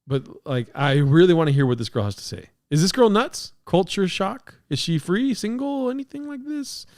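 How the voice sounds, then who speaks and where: A man's voice: high voice, animated, moderate pace. A man hosting a podcast livestream from his apartment, rambling, swearing and laughing as he reads chat comments. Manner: rambling, profane, laughing a lot. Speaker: podcast host. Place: home apartment studio. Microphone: podcast mixer setup.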